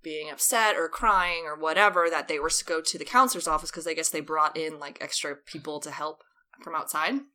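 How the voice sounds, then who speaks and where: Chatty young woman, bright voice. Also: low voice, steady tone, fairly quick. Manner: rambling anecdote full of fillers, acts out quotes. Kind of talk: casual chat.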